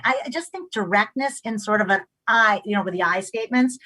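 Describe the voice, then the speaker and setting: A middle-aged woman speaking as an expert on a discussion panel. Her voice sits at an ordinary middle pitch. She talks in an animated way, restarting often and acting out quoted lines. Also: brisk, few pauses, low-quality recording. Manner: animated, acts out quoted speech, frequent restarts.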